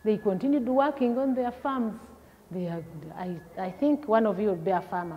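A woman's voice: mid-range voice, normal speed, slight background noise. A woman teacher leading a vocabulary lesson for young children, repeating each word and asking questions. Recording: long hall echo, dull lo-fi sound.

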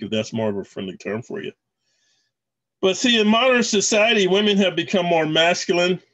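The recording is muffled, and the man's voice is on the high side and a bit bright. Playing video clips and commenting on them, this channel host talks casually and ramblingly to his viewers, addressing them as "guys."

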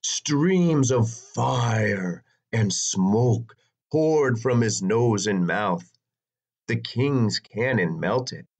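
A man narrating a children's storybook in an expressive, dramatic reading. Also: extremely slow, slightly rough. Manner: expressive, sweeping pitch for drama.

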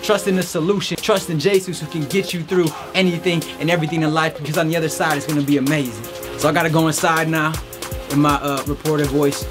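A man's voice: a little high, fairly even intonation, fast talker, few pauses, over music. A man hosting a podcast, giving an earnest, encouraging faith-based motivational talk while standing outdoors in a rainstorm. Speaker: podcast host.

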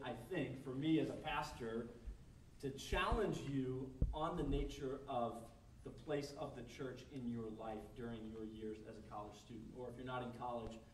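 A man's voice: mid-range voice, a little mellow, a little hiss or hum. A male pastor preaching a conversational sermon to a congregation, acting out quoted scenarios along the way. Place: church service hall. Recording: echoey room miked from a distance.

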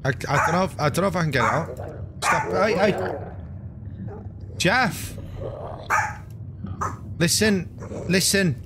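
A man live-streaming a game, commenting in a crude, joking way with excitable outbursts. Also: high voice, slow pace, long pauses, heavy background noise.

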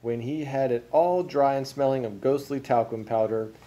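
A man reading a children's storybook aloud as a father, with expressive, unhurried storytelling. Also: mid-range voice.

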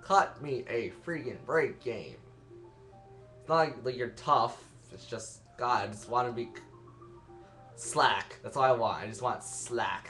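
A man's voice: mid-range voice, a little slow, pushed and bright. A young man giving rambling, self-mocking let's-play commentary and laughing at his own jokes. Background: game music.

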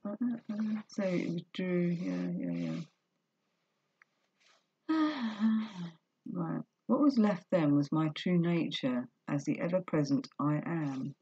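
A woman's voice: lowish voice, big pitch swings, takes it slowly, dark tone, husky. A woman vlogger reading a book aloud and breaking off into earnest, emotional, confessional commentary. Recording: dull lo-fi recording.

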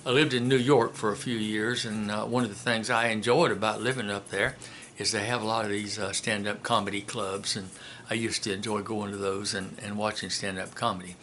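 A man giving a casual spoken commentary and telling a joke in a folksy, unhurried way with many filler pauses. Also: fairly low pitch, little pitch movement, fairly bright tone, a little hiss or hum. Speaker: commentator and storyteller.

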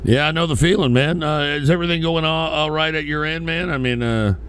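A man hosting a profane call-in stream, ranting furiously and sometimes shouting. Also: a little high, brisk, smooth. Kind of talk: profane live call-in show.

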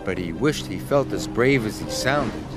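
A man narrating a children's story in an expressive, measured storytelling manner. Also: fairly low pitch. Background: background music.

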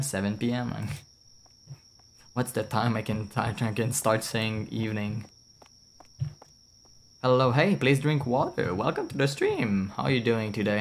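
A young man with a French accent streams a game, rambling casually, occasionally swearing, and answering his chat. His voice is on the low side, with slight background noise.

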